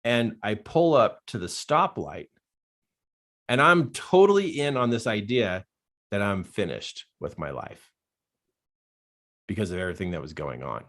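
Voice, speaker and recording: A man gives a live coaching talk, sharing a personal story earnestly in a lowish voice at a measured pace with long pauses. At dark moments he drops to a hush, and elsewhere he becomes animated.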